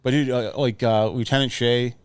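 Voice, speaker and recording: A man's voice: medium pitch, steady tone, moderate pace, clean tone, no echo. A man co-hosting a podcast, chatting casually and telling a long, stammering story. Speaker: podcast co-host. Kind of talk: casual chat.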